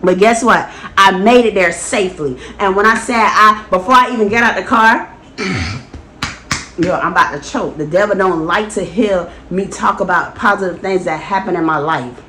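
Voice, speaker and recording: A woman's voice: mid-range voice, normal speed, bright, forceful tone. A woman vlogger sharing a motivational personal testimony in an earnest, preachy storytelling manner. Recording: echoey room, faint background noise.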